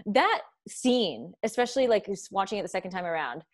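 A young woman hosts a podcast, chatting in a casual, animated way with a medium-pitched voice that swings widely in pitch and moves briskly. She swears often and acts out quotes.

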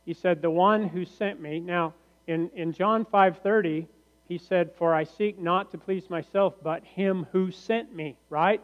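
A male pastor preaching a sermon in a church sanctuary, slow and deliberate, often posing rhetorical questions to the congregation. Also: high voice. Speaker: teaching pastor. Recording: reverberant hall, muffled lo-fi sound.

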